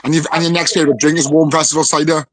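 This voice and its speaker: A man's voice: fairly high pitch, level tone, rapid-fire, a crowd in the background. A man with a Welsh accent co-hosting a casual podcast chat over a video call, teasing and bantering. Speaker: podcast co-host.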